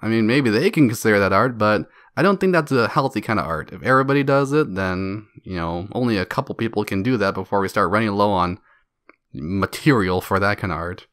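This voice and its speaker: A man's voice: fairly low pitch, animated, fairly quick, fairly bright tone, no echo, studio quality. A man hosting a solo podcast, ranting in a profane, mocking way and laughing between jabs. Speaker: podcast host.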